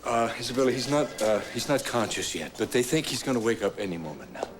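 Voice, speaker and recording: A man's voice: mid-range voice, expressive, fast talker, noisy background, close to an everyday voice. An actor playing a devoted father who soothes his daughter in a hospital, in a soap opera. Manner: soothing, pleading. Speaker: worried father.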